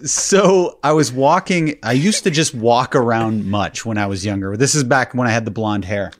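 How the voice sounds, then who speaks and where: A man's voice: medium pitch, moderate pace. A man co-hosting a podcast, telling a story in casual chat with an amused, rambling manner. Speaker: podcast co-host.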